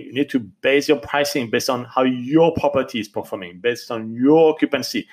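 Man, French accent, French native speaker, podcast host, earnest, insistent, hesitant fillers, mid pitch. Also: moderate pace, few pauses. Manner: earnest, urging, many fillers and restarts. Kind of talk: advice podcast talk.

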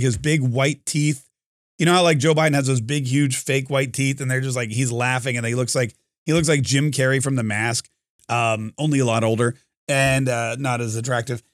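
A man's voice: medium pitch, brisk, dry recording, studio quality. A man hosting a commentary podcast, talking in a rambling, sarcastic way with many fillers and restarts. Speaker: podcast host. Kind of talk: casual commentary monologue.

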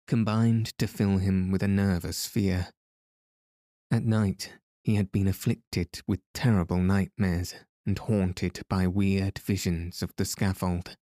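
A man reading a story aloud in a measured, steady narrating style. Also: deep voice, no echo, studio quality. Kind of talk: audiobook narration.

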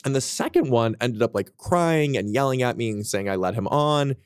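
A man's voice: medium pitch, animated, clear, resonant tone, no echo. Profane, frank man telling his story. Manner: profane, frank, quick asides and self-mocking. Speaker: podcast guest, author. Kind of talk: casual candid storytelling.

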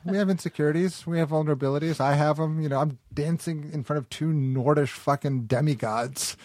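A man's voice: fairly high pitch, fairly even intonation, fairly quick, a little mellow. A man guesting on a podcast, telling stories in a rambling, self-deprecating, jokey way. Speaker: actor and guest. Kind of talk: casual chat.

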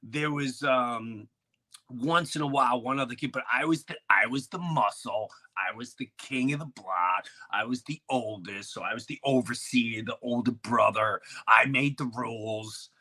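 A man hosting a podcast, telling neighborhood stories in a loose, animated way, with lots of false starts. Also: medium pitch, normal speed. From grew up in a city neighborhood near an airport. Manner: animated, with many restarts and acted-out quotes. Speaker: podcast host. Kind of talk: casual storytelling chat.

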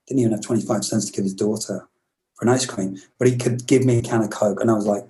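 A British man in his fifties, a musician appearing as an interview guest, tells long, reflective stories, rambling and restarting often. His voice is on the low side and mellow, with a steady tone and a quick pace. The recording quality is low.

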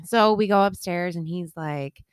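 Animated, foul-mouthed woman telling a story. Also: lowish voice, measured pace, smooth, no echo, clean studio sound. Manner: animated storytelling, swearing, acting out voices. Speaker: storyteller in a conversation. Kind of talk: casual chat.

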